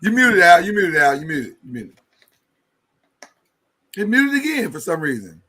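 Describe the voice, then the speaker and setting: A man hosting a podcast in casual chat, animated and joking, often repeating himself. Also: high voice, moderate pace, slightly rough. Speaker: podcast host.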